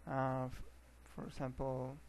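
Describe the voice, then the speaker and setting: A man teaching an English lesson, often restarting words and filling pauses with uh and um. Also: mid-range voice, completely flat delivery, a little mellow, poor audio. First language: Spanish. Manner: hesitant, repeats words, many fillers.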